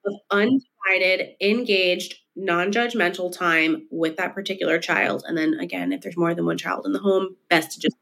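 A woman's voice: on the low side, steady tone, normal speed, vocal fry, few pauses, a bit bright. A woman clinical psychologist, a podcast guest, explaining her work in a conversational way and stretching out the words she wants to stress. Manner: explanatory, with stretched emphasis on key points. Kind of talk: conversational interview.

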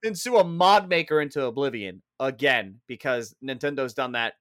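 Man, podcast co-host, profane ranting banter, bright forceful voice, dry close sound. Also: medium pitch, animated, moderate pace, no room sound. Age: adult father of three.

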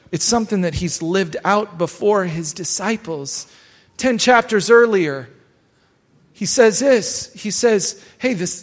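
High-voiced pastor preaching in a reverberant church. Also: male voice. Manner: exhorting, repeats phrases for emphasis. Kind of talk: live sermon. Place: church sanctuary. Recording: long church hall reverb.

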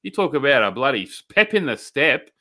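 Brash Australian man, bright voice. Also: mid-range voice, very animated, brisk. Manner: brash, jokey, boastful with slang. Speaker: podcast co-host. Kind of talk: casual podcast banter.

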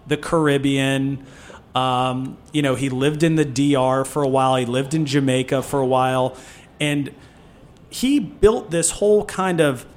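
A man co-founding a food nonprofit, talking in an animated, swearing, storytelling way in a casual podcast interview. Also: mid-range voice.

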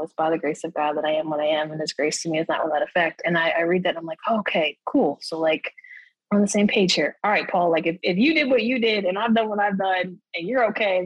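Earnest low-voiced woman sharing testimony. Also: no room sound, poor audio. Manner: earnest, tag questions, laughs between thoughts. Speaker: interview guest. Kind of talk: candid personal testimony in conversation.

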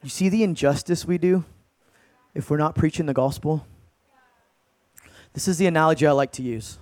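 A man with a high, light voice preaching like he's talking to a buddy, tossing in dude and bro. He runs his storytelling sermon with big swings between quiet intensity and loud bursts. The sound is dry and close, with no room around it. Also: moderate pace, no echo. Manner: casual slang-heavy, calls listeners dude and bro. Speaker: evangelist.

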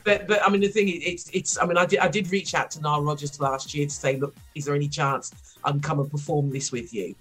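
A middle-aged woman from Wolverhampton with a mild West Midlands accent, chatting as a podcast guest, laughing often and filling pauses with ums. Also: low-pitched, fairly even intonation, breathy edge, soft background music. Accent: mild West Midlands English. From Wolverhampton, England. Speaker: guest, former rapper. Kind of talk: podcast interview.

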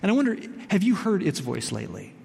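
A pastor preaching a sermon in an expressive, emphatic way, slowing down on key phrases. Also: male voice, sits high, gravelly, breathy edge. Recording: long reverb in a large hall.

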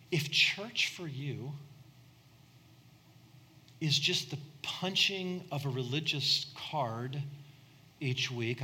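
A man's voice: medium pitch, pushed and bright, a little hiss or hum. A middle-aged man preaching a conversational sermon, repeating words and building to impassioned peaks. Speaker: pastor.

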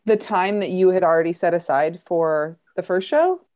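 A woman's voice: on the low side, moderate pace, darkish tone. A woman co-hosting a casual chat, asking questions and making jokes. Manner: joking interviewer.

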